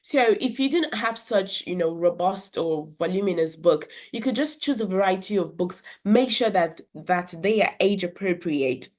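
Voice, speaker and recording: A woman's voice: mid-range voice, lively intonation, normal speed, few pauses, a little mellow. A woman educator, giving earnest instructional advice to parents about reading and talking with their children. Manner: earnest, explanatory, with brief demonstrations of character voices.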